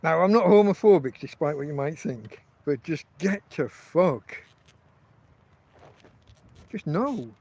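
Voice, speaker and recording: A man's voice: on the high side, animated, slow pace, long pauses, darkish tone, rough recording. An English man hosting a casual livestream from his tent, telling rambling, profane stories full of restarts. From England. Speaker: podcast host.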